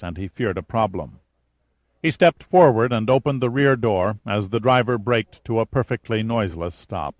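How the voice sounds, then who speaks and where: A man narrating a thriller novel as a scripted audiobook, with even, descriptive storytelling. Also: fairly low pitch, dry recording.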